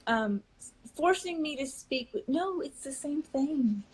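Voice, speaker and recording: A woman's voice: high voice, expressive, slow, heavy background noise. A woman on a video call, reading her poetry on a livestream, flustered and apologetic as she hunts for her page. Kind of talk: casual livestream chat.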